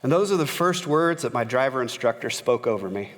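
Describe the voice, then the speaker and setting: A man's voice: mid-range voice, a little fast. Man preaching in a reverberant church. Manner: conversational, frequent "uh" fillers, grows animated when retelling a story. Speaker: pastor. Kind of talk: sermon with personal storytelling. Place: church sanctuary. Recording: long reverb of a large church hall.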